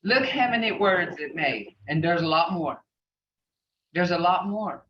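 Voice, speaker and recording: A middle-aged woman teaching a language class, repeating words slowly and spelling out their sounds. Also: fairly low pitch, lively intonation. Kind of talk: slow, patient classroom teaching. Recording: far, roomy, dull, faintly noisy classroom recording.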